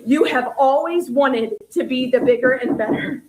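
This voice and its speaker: A woman's voice: sits high, normal speed, heavy background noise, close to an everyday voice. A woman playing a bitter, scorned woman in a comedy skit, taunting and laughing scornfully between jabs.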